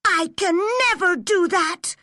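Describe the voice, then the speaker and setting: Woman doing a fiery red-haired orphan girl, shrill and high, swings all over, storybook reading. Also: expressive, takes it slowly, bright, forceful tone, no room sound, clean studio sound, heavily acted. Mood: indignant.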